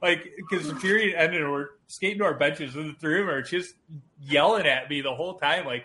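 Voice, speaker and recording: A man hosting a laid-back conversation, recounting anecdotes with lots of laughter. His telling is lively and chatty, never scripted. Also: on the high side, brisk, background noise. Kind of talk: casual storytelling chat.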